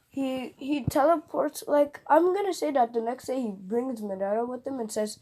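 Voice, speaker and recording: A young woman improvising a fan-fiction story out loud, rambling with lots of fillers and self-corrections. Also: a little high, measured pace, a little hiss or hum.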